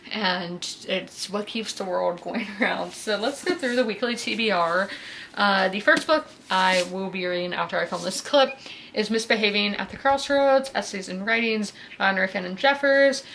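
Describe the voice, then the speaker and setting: A woman's voice: mid-range voice, moderate pace, fairly bright tone, slight background noise. A woman in her twenties from South Carolina, chatting casually about her weekly reading with plenty of fillers. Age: 20s. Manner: chatty, frequent fillers like "you know" and "um". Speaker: book vlogger. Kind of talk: casual chat.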